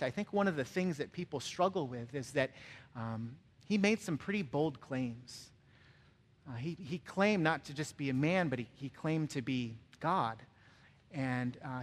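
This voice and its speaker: Preaching man in a reverberant hall. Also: on the high side. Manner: earnest, builds to emphatic repeated calls. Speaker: pastor. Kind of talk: sermon with storytelling.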